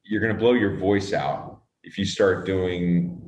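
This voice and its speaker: A man with a very low voice talks through his working habits as an interview guest, pausing often with fillers and restarting sentences. He drops the odd casual swear word. The room around him is echoey. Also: a little mellow. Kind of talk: relaxed conversational interview.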